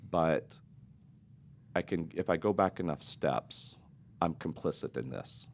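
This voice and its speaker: Very deep, gravelly middle-aged man. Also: takes it slowly, a little hiss or hum. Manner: earnest, confessional, reflective. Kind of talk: candid personal storytelling in a podcast interview.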